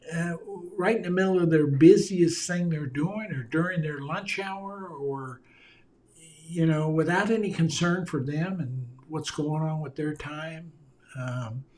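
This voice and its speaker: A man's voice: on the high side, darkish tone. A man, a communication consultant, giving an earnest talk straight to camera and repeating key phrases for stress. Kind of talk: direct-to-camera video talk. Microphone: camera mic, speaking to viewers on video.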